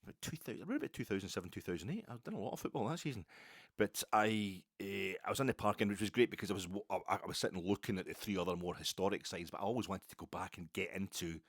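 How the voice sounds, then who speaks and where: A man's voice: deep voice, fast talker, dry recording, clean studio sound. A Scottish man hosting a solo football podcast, talking in a rambling, digressive, chatty way full of asides. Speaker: podcast host.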